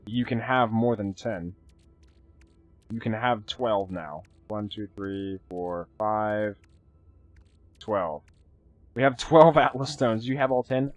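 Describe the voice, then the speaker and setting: A man streaming live gameplay, chatty and excitable, thanking viewers and swearing casually as he plays. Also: lowish voice, no echo, dull audio.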